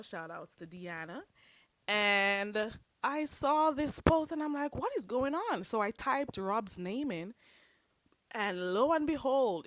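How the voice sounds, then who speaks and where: A woman giving casual livestream commentary, chatty and animated, who greets her chat viewers by name. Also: mid-range voice, no room sound. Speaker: YouTube commentator.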